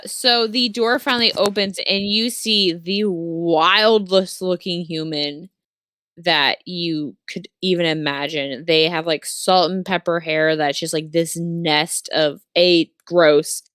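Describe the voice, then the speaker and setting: A woman's voice: fairly low pitch, steady tone, takes it slowly, a bit bright, smooth, no room sound, clean studio sound. A woman narrating a tabletop game as game master, rambling with many fillers and corrections.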